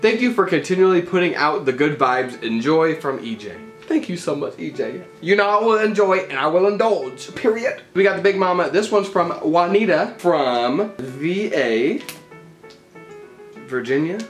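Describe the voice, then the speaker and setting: Chatty vlogger with a lively, swooping delivery, recorded in a roomy space over faint music. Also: mid-range voice, moderate pace. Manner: excitable, gushing, chatty. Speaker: art vlogger. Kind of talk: casual chat to camera.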